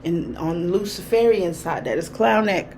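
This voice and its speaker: A woman's voice: fairly low pitch, animated, measured pace, darkish tone, slight background noise. A woman hosting her own spiritual channel, telling a personal story in a chatty, casual way with lots of laughter. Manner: chatty, laughs often, vivid quoted reactions.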